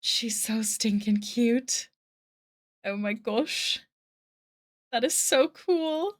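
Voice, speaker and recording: A woman's voice: on the high side, lively intonation, extremely slow, dry recording, studio quality. A young woman chatting casually on a live art stream, bubbly and self-deprecating, gushing over fan art. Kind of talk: casual live-stream chat while drawing.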